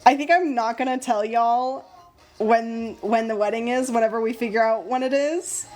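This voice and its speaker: A young woman hosting a casual live stream, chatting with viewers while she draws, bubbly and easily excited. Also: on the high side, moderate pace, soft background music. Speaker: live-stream host and sticker artist.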